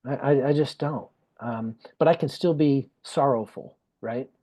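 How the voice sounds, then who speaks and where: An earnest man speaking as a podcast guest, telling a heartfelt personal story at a medium pitch. He leans on repetition for emphasis, and his voice stays emotional and sincere throughout. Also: unhurried, warm tone.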